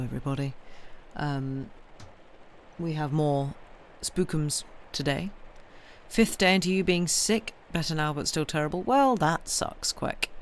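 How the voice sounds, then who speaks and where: A woman hosting a reading stream, chatting casually with viewers and reading their comments aloud, her voice slightly croaky. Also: very deep voice, slight background noise. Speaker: host of a story-reading stream.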